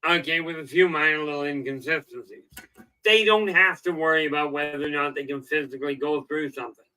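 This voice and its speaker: A man's voice: fairly high pitch, brisk, bright, forceful tone, smooth, low-quality recording. A middle-aged man hosting a self-help livestream, rambling in a folksy way with lots of "okay" and "you know," and telling jokes. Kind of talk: casual livestream talk.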